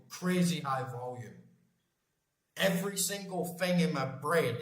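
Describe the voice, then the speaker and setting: A man in his forties, a gaming channel host, chatting casually in a rambling, emphatic way and swearing constantly. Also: on the high side. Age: 40s. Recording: echoey room.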